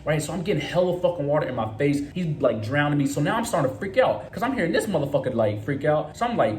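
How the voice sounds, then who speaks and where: A man's voice: a little high, very animated, quick pace, few pauses, a little mellow. A young man telling a story in a casual, profane way, often tagging his lines with "right?". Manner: profane, frequent "right?" tags. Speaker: vlogger. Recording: roomy echo, faint noise.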